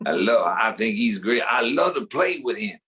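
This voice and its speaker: A man's voice: lowish voice, sing-song, normal speed, sharp tone, voice pushed down. A man impersonating a retired basketball star who talks in easygoing slang with a laid-back swagger. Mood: defensive. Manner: easygoing slang, dropped verbs.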